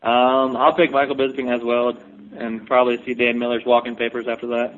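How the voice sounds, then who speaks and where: A man hosting a casual sports podcast, chatty and quick, laughing often. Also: medium pitch, little pitch movement, a bit bright, highs cut off, slight background noise. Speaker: podcast host.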